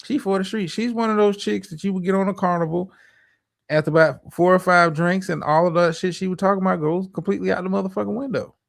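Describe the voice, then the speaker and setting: A man's voice: high voice, fairly even intonation, fast talker, gravelly, no echo, clean studio sound. A man hosting a livestream, reacting to a clip with profane, stammering, preachy relationship advice. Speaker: streamer host.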